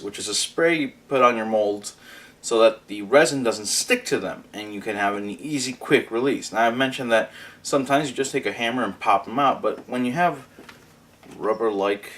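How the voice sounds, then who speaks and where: A man's voice: medium pitch, slight background noise. A young man from Mexico hosting a casual morning vlog, joking and laughing as he talks. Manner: joking, laughs through his lines. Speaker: vlog host.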